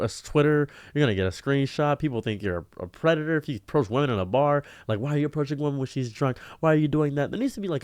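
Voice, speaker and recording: Exasperated man ranting, dry close sound. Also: dry recording. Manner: exasperated ranting, big pitch jumps. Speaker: streamer and video diarist. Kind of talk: ranting diary vlog.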